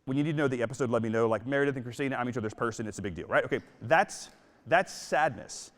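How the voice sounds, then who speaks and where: A man's voice: mid-range voice, quick pace, a bit bright, in a large hall. A man giving a motivational keynote talk on stage in a casual, playful, emphatic way. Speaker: motivational speaker. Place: stage in a large hall.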